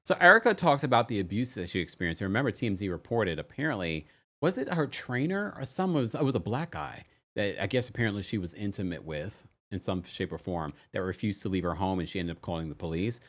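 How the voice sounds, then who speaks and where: A man hosting a casual chat show, recapping reality TV with animated talk, big pitch jumps and frequent laughter. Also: fast talker. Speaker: podcast host.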